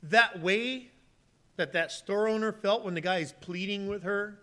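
A male pastor preaches in a high, bright voice. He tells stories with animated energy and breaks into loud, pleading acted-out lines before dropping back to a soft, confiding tone. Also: unhurried. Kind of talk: sermon.

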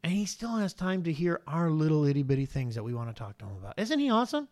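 A man with a notably high voice preaches a sermon with animated energy. He keeps tossing rhetorical questions at his congregation and swings between punchy emphasis and quieter asides. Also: fast. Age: adult father. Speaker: pastor.

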